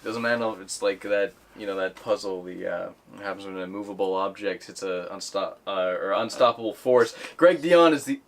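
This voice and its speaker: Rambling podcast host, low voice. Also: male voice. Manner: rambling, quick, many fillers and restarts. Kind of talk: casual chat.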